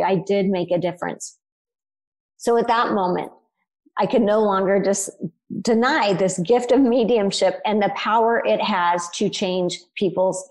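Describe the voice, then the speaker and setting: A middle-aged woman, a guest on a podcast, telling her own story in an earnest, animated way and laughing easily. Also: medium pitch, low-quality recording. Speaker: guest, spiritual medium.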